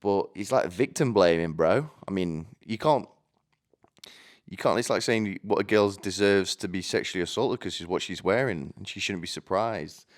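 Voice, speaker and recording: A man delivering a rambling comedic monologue in a deadpan way, often stumbling and restarting his sentences. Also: low-pitched, moderate pace. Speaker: comedy vlogger.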